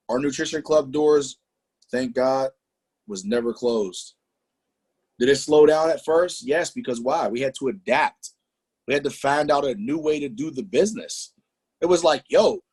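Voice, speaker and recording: A man leading a motivational sales training, emphatic and animated, throwing out rhetorical questions and slang. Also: medium pitch, breathy edge. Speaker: business trainer presenting to a team.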